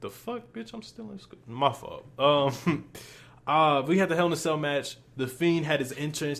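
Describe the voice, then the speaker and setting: Young male reviewer, mid-pitched, profane, exasperated ranting style. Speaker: wrestling reviewer.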